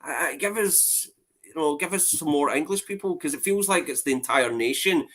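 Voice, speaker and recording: A man's voice: a little high, animated, a little fast, a bit bright. A man on a podcast giving blunt opinions in casual chat, swearing freely. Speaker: podcast guest.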